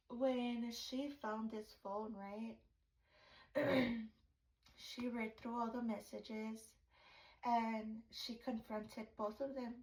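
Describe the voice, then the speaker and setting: A woman's voice: a little high, darkish tone, echoey room, poor audio. A woman podcast host telling a story in a casual, blunt way, swearing and adding dramatic asides.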